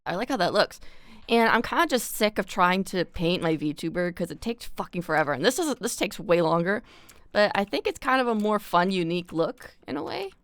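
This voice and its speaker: A woman's voice: on the low side, expressive, fairly quick, no echo. A young woman from Canada chatting casually on a live stream, rambling with lots of fillers and casual swearing.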